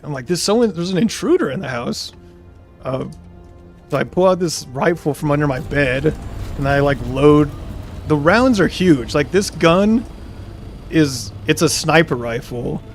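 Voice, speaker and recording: A young man streaming a game, telling a long story in a rambling, casual way with many fillers and restarts. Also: fairly high pitch. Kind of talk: casual storytelling while gaming.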